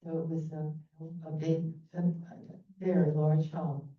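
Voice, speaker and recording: A woman's voice: deep voice, flat delivery, unhurried. Chatty woman lecturing in an echoey room. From New Orleans. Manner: chatty, loose, many fillers and asides. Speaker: presenter. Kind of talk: history talk with slides. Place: meeting room. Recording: echoey, distant, phone-like sound.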